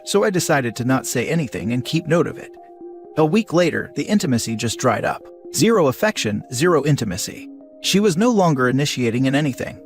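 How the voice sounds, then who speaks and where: A man narrates a written post aloud in a steady, even storytelling voice. His pitch sits in the middle of the range. Soft music plays faintly underneath. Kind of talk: reading an online post aloud.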